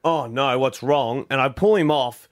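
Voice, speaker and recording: A man's voice: mid-range voice, unhurried. An Australian man in his thirties, a radio host telling a self-mocking family story in casual chat.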